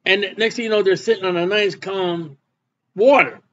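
A man's voice: sits high, fairly even intonation, moderate pace, fairly bright tone, highs cut off. A male preacher reading scripture aloud and explaining it in plain, conversational asides. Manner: reads verses then explains in plain asides. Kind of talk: sermon, Bible reading with commentary.

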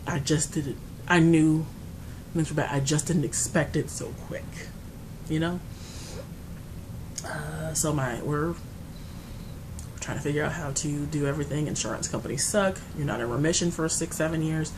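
A woman vlogger talking through her grief at home, rambling and restarting, going quiet and then loud. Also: low voice, moderate pace, pauses often, background noise. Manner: grieving, rambling, restarts often, swings between quiet and loud. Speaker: beauty vlogger. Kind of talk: casual personal talk to camera. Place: her apartment.

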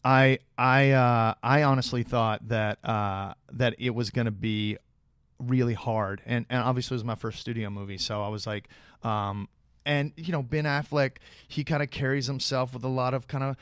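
Male podcast guest, mid-pitched, animated storyteller with lots of fillers, close dry sound. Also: normal speed, smooth, no echo. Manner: animated anecdotes, many fillers and restarts. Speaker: guest actor.

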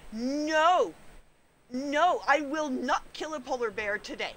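A woman's voice: high-pitched, animated, slow pace, a bit bright, slight background noise. A woman streaming a game live, talking to herself and to the creatures on screen, often panicking and pleading with them. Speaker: gaming streamer.

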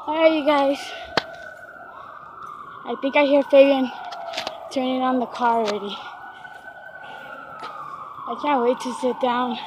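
High voiced woman vlogging, slow and out of breath, loud street noise. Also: steady tone. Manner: chatty, switches into Spanish with family. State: out of breath from walking uphill. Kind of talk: casual vlog chat. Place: outdoors on a city street. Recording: noisy street background.

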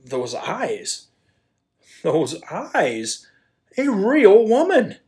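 A blustering landowner, hot-tempered yet suddenly lovestruck, as a man acts him out. He stammers and pleads, slow and halting, with a voice that leaps from low mutters to high outbursts. A community audio-play performance. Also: huge pitch swings, heavily acted. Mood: instructive. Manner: stammering, then bursts into shouted pleas. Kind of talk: amateur radio play acting.

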